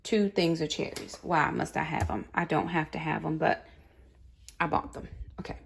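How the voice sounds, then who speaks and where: A woman's voice: low-pitched, normal speed, vocal fry, background noise. Chatty mom talking to her camera. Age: adult, mother of four. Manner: chatty, talks straight to viewers, says y'all. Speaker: family vlogger. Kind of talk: casual grocery haul vlog. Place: home kitchen.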